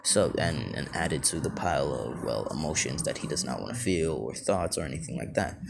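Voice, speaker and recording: A young man narrating a fan story off the cuff, with a low voice that swings up and down as he goes. He rambles, stacking fillers and correcting himself. His amateur recording has clear background noise. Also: expressive, a little fast. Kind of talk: casual improvised fan-fiction narration.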